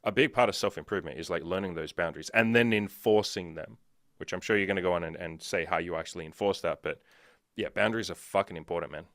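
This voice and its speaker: A man's voice: low-pitched, fast, fairly bright tone, dry recording, clean studio sound. A man hosting a podcast, giving blunt, emphatic self-improvement advice in casual chat and swearing for emphasis.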